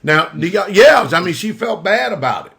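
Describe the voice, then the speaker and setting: A man's voice: sits high, sing-song, moderate pace, vocal fry, a bit bright. A man hosting a religious radio talk show, speaking casually and repeating himself for emphasis. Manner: preacherly, repeats phrases for emphasis.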